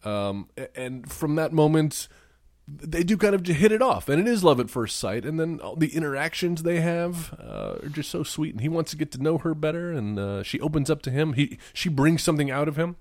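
A man co-hosting a casual movie-review podcast, animated and laughing often, with fumbling restarts. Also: a little high, fairly quick, no room sound, studio quality. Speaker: podcast co-host.

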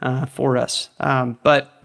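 A man's voice: mid-range voice, flat delivery, takes it slowly, vocal fry, a bit bright. A man co-hosting a casual faith podcast who asks questions and responds with eager enthusiasm. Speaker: podcast co-host.

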